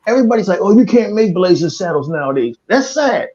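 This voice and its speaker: A man co-hosting a casual podcast, telling stories in a loud, profane way and slipping into impressions. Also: high-pitched, quick pace. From Philadelphia area. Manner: profane, animated storytelling with impressions. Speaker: podcast co-host. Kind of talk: casual chat. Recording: dull lo-fi stream audio.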